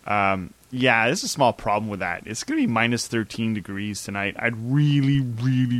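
A man's voice: medium pitch, very animated, moderate pace, few pauses, fairly bright tone, no room sound. A man in his thirties from Canada, telling a story in a casual chat, acting out quoted voices and laughing often. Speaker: podcast co-host.

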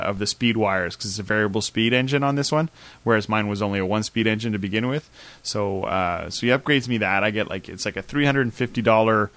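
A man's voice: lowish voice, a bit bright, no room sound. A man in his thirties from Canada, telling a story in a casual chat, acting out quoted voices and laughing often. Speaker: podcast co-host.

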